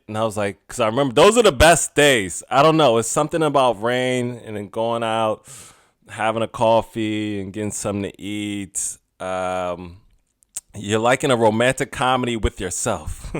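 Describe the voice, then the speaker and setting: A young adult man hosting a solo podcast in a casual, chatty way, laughing often and drifting between loud asides and quiet musing. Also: lowish voice, dry recording, studio quality. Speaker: podcast host.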